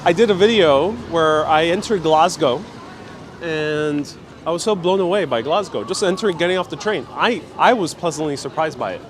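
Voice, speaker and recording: A man's voice: fairly high pitch, animated, moderate pace. Chatty American man live-streaming from the street. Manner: chatty, reads viewer comments aloud. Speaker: travel vlogger. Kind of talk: live-stream walking vlog, reading chat. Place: outdoors on a city street. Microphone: handheld phone. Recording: noisy street.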